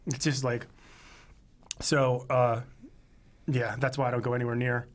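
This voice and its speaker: A man's voice: medium pitch, flat delivery, unhurried. A man telling a story in casual chat who quotes what others said and laughs as he goes. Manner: laid-back storyteller who quotes people and laughs along.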